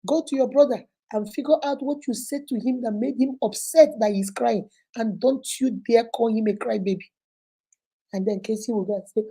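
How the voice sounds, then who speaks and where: A middle-aged woman hosts a chatty live stream, greeting viewers by name. Her voice is a bit high yet mellow and soft-edged. She lectures with animated conviction. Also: moderate pace, slightly rough, low-quality recording. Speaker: host and counselor.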